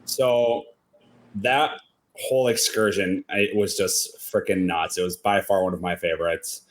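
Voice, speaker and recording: A man's voice: low-pitched, unhurried. Sleepy-sounding man with a Wisconsin accent. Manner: relaxed, chatty, a little sleepy. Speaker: guest, former reality show contestant. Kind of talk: casual video chat interview.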